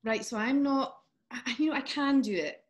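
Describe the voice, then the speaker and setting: A woman's voice: sits high, normal speed. Chatty Scottish woman on a call. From Scotland. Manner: chatty, laughs often, trails off. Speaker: guest. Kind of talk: casual chat.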